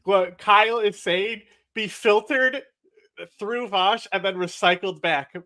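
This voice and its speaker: Sarcastic high-voiced man bantering. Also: slow pace, sharp tone. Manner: sarcastic, swearing, joking. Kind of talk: casual banter.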